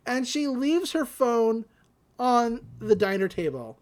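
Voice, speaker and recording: A podcast co-host with a slightly high voice speaks slowly but very animatedly while recapping a cartoon episode. She rambles through the story, laughing, using fillers, and voicing the characters.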